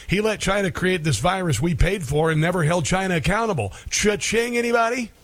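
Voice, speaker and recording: A male talk radio host giving an animated, sarcastic monologue on a close studio mic, with lots of fillers. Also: high-pitched, fairly quick, dry recording.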